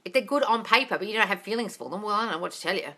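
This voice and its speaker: A woman's voice: mid-range voice, expressive, very fast, sharp tone. A woman coaching viewers on a live stream, reading out their comments and answering bluntly, swearing casually and calling them darling.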